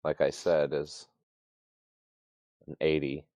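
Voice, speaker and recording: Very deep-voiced rambling man, dry. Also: monotone, takes it slowly, darkish tone, no echo. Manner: rambling, loose, uses hunting analogies. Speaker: trader. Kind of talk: casual trading chat.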